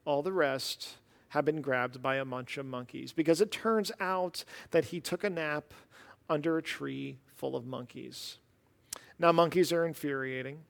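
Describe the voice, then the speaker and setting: Animated man preaching in an echoing hall. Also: on the high side, a little slow, gravelly. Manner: animated, conversational, with casual asides. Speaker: pastor. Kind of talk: sermon.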